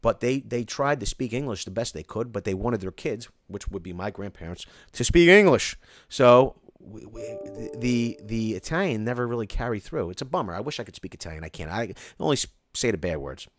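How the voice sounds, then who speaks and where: Middle-aged Philly-accented host, low voice, dry close sound, loose rambling live-chat delivery. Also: male voice, expressive, fairly quick, dry recording. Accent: Philadelphia. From Philadelphia. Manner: rambling, restarts often, reads comments aloud. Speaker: construction company host answering viewer questions. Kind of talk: casual live-stream Q&A chat.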